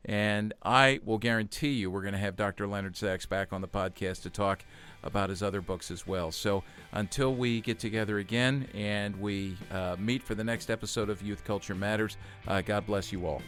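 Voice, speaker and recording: A man's voice: lowish voice, steady tone, moderate pace, faint music behind. A man hosting a podcast, enthusiastically thanking his guest and wrapping up the episode. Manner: warmly enthusiastic, repeats thanks. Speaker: podcast host. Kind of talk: casual chat, closing an interview.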